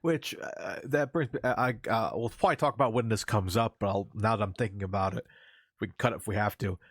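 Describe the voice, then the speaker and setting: A man's voice: fairly low pitch, fast talker, no echo, clean studio sound. A man co-hosting a podcast, asking curious questions and laughing a lot in casual movie chat. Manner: curious, laughs often, trails off and restarts. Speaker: podcast co-host.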